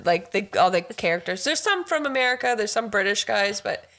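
A woman's voice: mid-range voice, lively intonation, fairly quick, fairly bright tone. A woman co-hosting a casual podcast, chatty and enthusiastic, sometimes reading from her notes. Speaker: podcast co-host. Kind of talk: casual chat.

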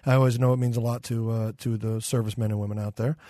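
A man's voice: medium pitch, level tone, fast talker, warm tone, no echo, clean studio sound. A middle-aged man hosting a talk show, rambling a bit with fillers while he hurries. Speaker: radio show host. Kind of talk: casual talk show chat.

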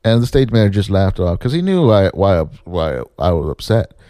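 A man casually telling a story about his theater days, swearing and jumping up in pitch to mimic people. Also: brisk, dry recording, studio quality. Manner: animated, swears, mimics others in pitched-up quotes. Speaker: former assistant stage manager telling a story.

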